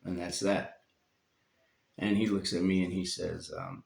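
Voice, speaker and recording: A man telling a painful personal story from his life, speaking haltingly with long pauses and fillers. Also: sits low, flat delivery, gravelly, a little mellow, a little hiss or hum. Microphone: phone. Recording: roomy phone recording.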